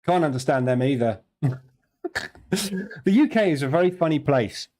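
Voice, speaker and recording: A man's voice: on the high side, expressive, normal speed, dark tone. Chatty southern English man. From southern England. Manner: chatty, jokey, laughs easily, answers viewers' questions aloud. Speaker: live trading stream host. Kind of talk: casual live-stream chat.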